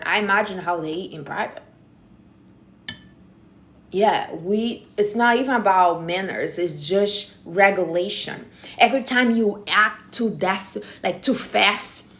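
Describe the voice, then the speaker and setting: A woman hosting a casual live stream, giving blunt, teasing advice in non-native English phrasing. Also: medium pitch. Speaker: livestream host.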